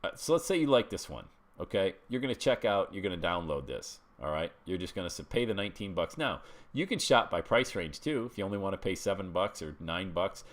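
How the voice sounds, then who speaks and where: Deep-voiced man teaching a webinar. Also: very animated, a little fast, few pauses, music in the background. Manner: chatty, walks listeners through steps with frequent "okay?". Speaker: webinar instructor. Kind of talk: screen-share tutorial.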